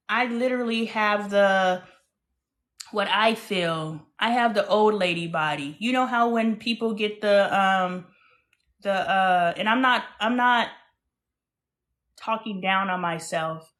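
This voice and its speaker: A woman in her thirties chats casually on her own livestream. Her voice sits at a mid pitch, and she tells stories in an animated, talkative way with playful exclamations. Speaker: host.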